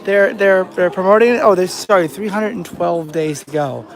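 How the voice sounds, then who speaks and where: Filming on a rainy beach with faint outdoor sound in the background, a young American man chats his way through a long travel story for his vlog. His voice is high, with vocal fry and a normal speed, and the telling wanders with plenty of restarts.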